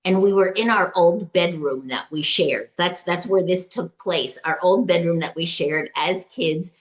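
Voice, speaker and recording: A woman with a somewhat low voice speaks as an interview guest, sharing a personal experience. Her telling is halting and emotional, full of fillers, restarts and quoted exchanges. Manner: recounts dialogue in quoted voices. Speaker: retreat client, interview guest. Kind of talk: personal story, conversational.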